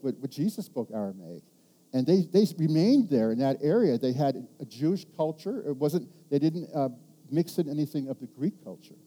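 A man preaching a sermon, animated and rambling, asking the congregation rhetorical questions and restarting his sentences. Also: on the high side. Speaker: pastor.

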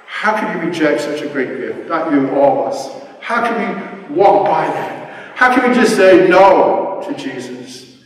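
Impassioned middle-aged preacher in echoey hall. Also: male voice, fairly high pitch, expressive, a little slow. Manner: emotional, swings from hushed to shouting. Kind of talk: sermon. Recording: roomy hall, mic far off.

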